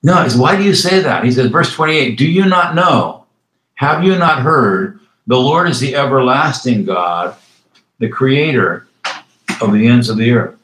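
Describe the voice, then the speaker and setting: A male pastor delivers a sermon at a mid pitch. He reads scripture slowly and deliberately, then slips into quick, casual asides. The recording carries a roomy echo. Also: expressive, a bit bright.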